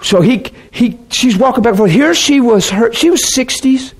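A man preaching, telling a personal story to his audience in an animated, emotional way with bursts of laughter. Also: extremely high pitch, moderate pace, slightly rough. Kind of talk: anecdotal storytelling sermon.

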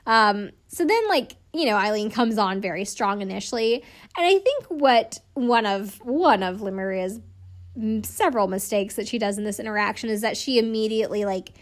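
A woman's voice: medium pitch, animated, normal speed. A young woman casually recapping a reality show, chatty, swearing freely and laughing often.

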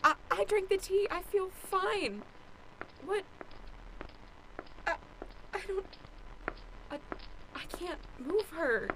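A woman's voice: very high-pitched, lively intonation, slow pace, pauses often, noisy background, full character voice. A woman in an improvised comedy audio play, playing a flustered woman accused of murder who stammers and pleads. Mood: panicked.

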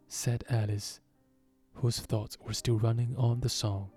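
A man narrating a storybook reading in a steady, even manner. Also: on the low side, moderate pace, breathy edge, soft background music.

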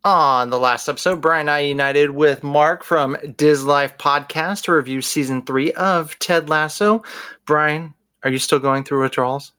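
Man, podcast co-host, slightly high voice, eager and playful. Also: a little slow, sharp tone, smooth. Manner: enthusiastic, jokey. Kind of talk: casual podcast chat.

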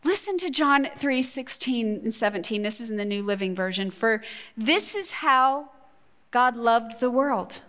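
A woman's voice: on the high side, expressive, a little slow, fairly bright tone. A middle-aged woman giving a conversational, earnest teaching talk at a women's conference, telling stories and asking the audience questions. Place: conference hall before a live audience.

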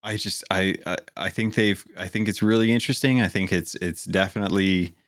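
A man's voice: low voice, steady tone, fairly quick, no echo, studio quality. A man hosting a gaming podcast, talking casually and rambling with many restarts. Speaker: podcast host. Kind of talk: casual chat.

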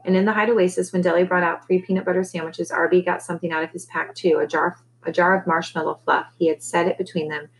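A woman teacher reading a novel aloud to her class, relaxed, with conversational asides between chapters. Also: lowish voice, fast talker, hardly any pauses, low-quality recording.

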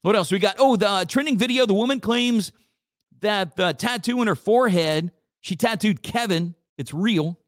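A man's voice: high voice, normal speed, no room sound, studio quality. A man hosting a casual talk radio show, joking and reading listener messages.

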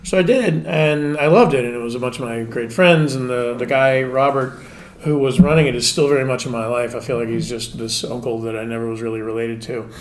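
Forties male guest, chatty anecdotal storyteller, even mid voice, casual talk. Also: mid-range voice, a little fast. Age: 40s. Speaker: podcast guest, spirits brand manager.

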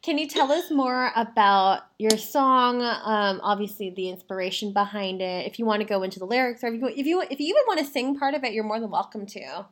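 A woman's voice: on the high side, fairly quick, hardly any pauses. Encouraging young woman podcast host. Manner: warmly encouraging, with frequent exclamations. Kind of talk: casual podcast interview.

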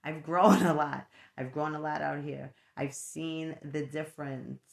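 A woman's voice: low-pitched, fairly even intonation, unhurried, creaky. A middle-aged woman with a New York accent, chatting frankly to camera about her life, often tagging lines with "right?" and laughing between thoughts. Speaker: vlogger and mother. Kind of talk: casual reflective talk to camera.

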